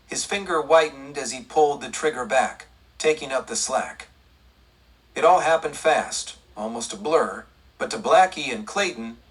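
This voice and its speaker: A man narrating a western audiobook in a steady storytelling read. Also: mid-range voice, breathy edge, distant mic, low-quality recording. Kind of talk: scripted narration.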